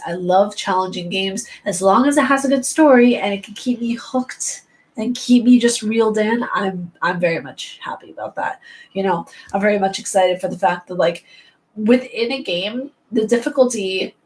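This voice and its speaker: A woman's voice: medium pitch, normal speed. A tired woman from New chats casually as a host. She rambles and often laughs as she talks. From New York. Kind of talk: casual chat.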